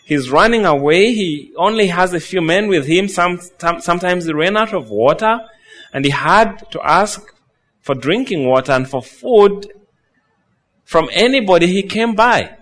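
Man, preacher, sermon, higher-pitched voice, reads scripture then retells with quoted lines. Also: animated, measured pace, fairly bright tone.

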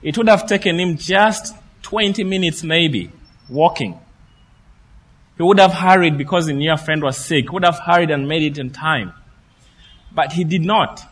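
A man preaching a sermon, telling the story in a lively way and acting out what the people in it say. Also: a little high, normal speed, big-room sound. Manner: lively storytelling preacher who acts out the quoted speech.

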